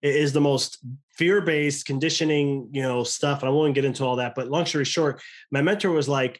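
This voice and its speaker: A man's voice: mid-range voice, fairly even intonation, fairly quick. A man in his thirties with an American accent, talking earnestly in a casual conversation and often restarting his sentences. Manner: rambling, earnest, many restarts. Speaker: podcast guest.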